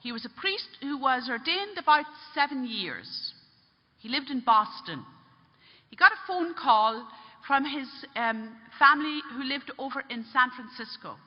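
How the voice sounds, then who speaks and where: A woman telling a story in a religious talk, earnest and unhurried, pausing and restarting as she goes. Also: high voice, lively intonation, in a large hall, highs cut off.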